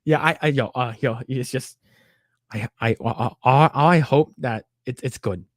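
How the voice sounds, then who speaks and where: A man's voice: medium pitch, a little slow, dry recording, studio quality. A man co-hosting a casual podcast, reading out news items and stopping to react, with many fillers and repeated words. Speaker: podcast co-host.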